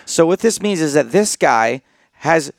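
A man's voice: a little high, lively intonation, a little slow, creaky, no echo. Joking American man, dry close sound. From United States. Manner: joking, laughs often, rambling asides. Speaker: co-host. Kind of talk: casual podcast banter.

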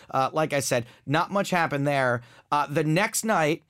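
A man's voice: fairly high pitch, animated, measured pace, fairly bright tone, dry recording, clean studio sound. An American man co-hosting a casual podcast, telling crude, self-mocking anecdotes with lots of animation. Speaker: podcast co-host.

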